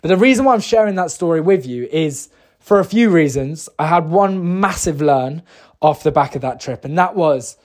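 A man from the UK with a slightly higher-pitched voice tells a personal story, chatty and enthusiastic. He stumbles, restarts and fills gaps with "um" as he goes. He then steers it toward a motivational message about goals. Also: animated, normal speed, a little mellow. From United Kingdom. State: briefly emotional. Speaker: motivational speaker. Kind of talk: casual storytelling and motivational talk.

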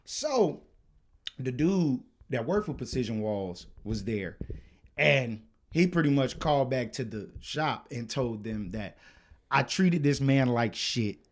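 A man co-hosting a podcast, telling a work story in casual, profane chat that turns loud and heated. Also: mid-range voice, slow pace. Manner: animated, profane, gets loud and heated retelling arguments. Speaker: podcast co-host.

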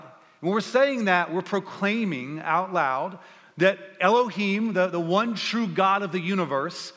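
Man, preacher, sermon, energetic and chatty, somewhat high voice, long hall reverb. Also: a little slow. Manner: energetic, conversational, rallying the audience.

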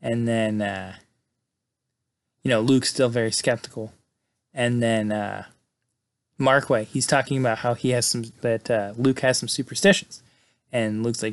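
A man's voice: mid-range voice, fairly even intonation, normal speed. Rambling man recapping a film casually. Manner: rambling, full of "you know" and "like" fillers.

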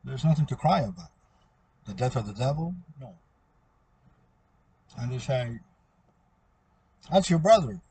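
Man with a husky mellow voice, rambling. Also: mid-range voice, expressive, a little slow, pauses often. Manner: meandering, repetitive, trails off. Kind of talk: rambling spoken monologue.

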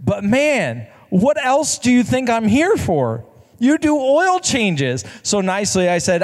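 A man's voice: high-pitched, very animated, takes it slowly. A man telling a story from the pulpit in a chatty, conversational way, often restarting his sentences and tossing in asides to the listeners. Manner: conversational, self-correcting, rhetorical asides. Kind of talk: storytelling sermon. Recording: long reverb of a large hall.

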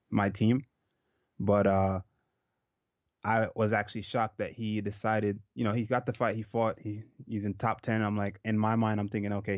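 This is a man from Jamaica, a professional fighter, speaking in a low, relaxed voice. He swears casually and keeps things loose. The recording is dry with a dull, lo-fi sound. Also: dry recording. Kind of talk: casual interview chat.

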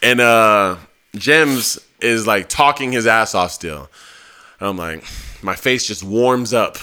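A man's voice: lowish voice, slow pace, clear, resonant tone. A man on a podcast telling a long, laughing, profanity-filled story in a casual way. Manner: animated, swears a lot, laughs while telling. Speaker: podcast host.

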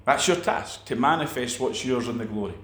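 A man's voice: mid-range voice, fairly quick, fairly bright tone, echoey room. A man preaching a sermon, emphatic, with repeated phrases and restarts.

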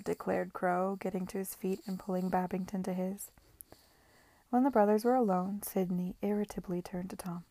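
A woman reading a novel aloud in a soft, unhurried way. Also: medium pitch, steady tone, no room sound. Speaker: audiobook reader.

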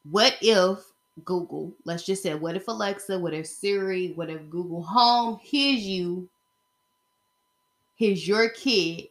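A woman's voice: lowish voice, slow pace. A woman talking in a casual opinion vlog, rambling and emphatic as she speaks straight to her viewers. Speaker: vlogger.

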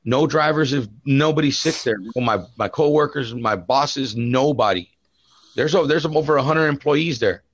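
This male podcast co-host swaps stories in casual conversation, cursing a lot and calling people "bro" often. He speaks at a normal speed with a medium-pitched voice, and there's a slight hiss or hum.

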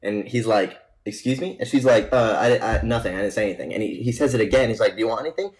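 A man's voice: lowish voice, fast talker, rough recording. A young man co-hosting a podcast, casually telling a long rambling joke and laughing along with it. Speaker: podcast co-host.

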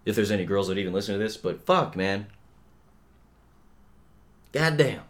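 A young man hosting a podcast, ranting alone in a profane, rambling way. He leans on slang fillers and swings between low mutters and loud outbursts. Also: lively intonation, moderate pace. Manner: profane, rambling, heavy on "dude" and "bro" fillers. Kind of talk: casual ranting monologue.

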